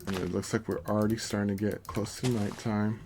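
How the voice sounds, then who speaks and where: A man's voice: on the low side, little pitch movement, brisk, a little mellow, slight background noise. A man streaming a block-building game, chatting casually and narrating his moves with mock-grand flourishes. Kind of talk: casual gameplay commentary.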